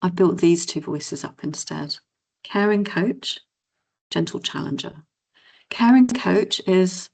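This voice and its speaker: A middle-aged woman delivers a motivational keynote in a conversational, coaching style. Her voice sits on the low side. She jumps into high, cheerful tones whenever she plays out the kind inner voices she describes. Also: expressive, takes it slowly, creaky, a little mellow, breathy edge. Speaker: keynote speaker and confidence coach. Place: event hall or conference room.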